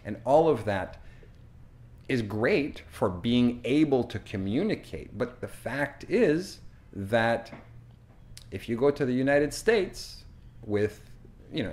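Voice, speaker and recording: A Canadian man with a Canadian accent, teaching English in a deliberate, chatty way with frequent fillers. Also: medium pitch, darkish tone. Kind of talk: slow, clear teaching monologue.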